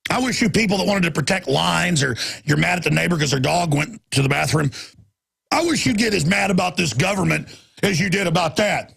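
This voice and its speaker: Raspy talk radio guy ranting, gravelly high voice, yells now and then. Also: animated, a little fast. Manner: angry, shouting in bursts, then weary and apologetic. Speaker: radio talk show host. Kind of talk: ranting monologue.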